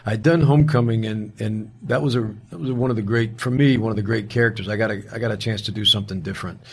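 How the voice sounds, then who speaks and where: A man being interviewed as an actor guest, telling an animated story in a casual way, quoting the people in it and restarting his sentences often. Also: lowish voice, fast talker, slightly rough.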